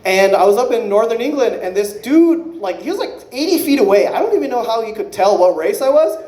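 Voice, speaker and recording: Man, stand-up comedian, profane rambling asides, bouncy pitch, roomy sound. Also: animated, warm tone. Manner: rambling, profane, with quick self-correcting asides. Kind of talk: unrehearsed stand-up set.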